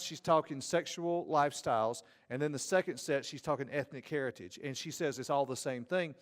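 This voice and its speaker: A man with a Southern Georgia accent giving a conference lecture as an ethics teacher, folksy and given to joking asides. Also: fairly high pitch. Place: large church auditorium. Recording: reverberant hall.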